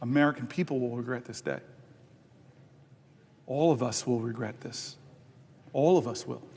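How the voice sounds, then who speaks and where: A man's voice: medium pitch, normal speed, a little mellow. A man giving a long, conversational floor speech as a senator, telling a story with many stumbling restarts. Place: large legislative chamber. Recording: reverberant chamber broadcast.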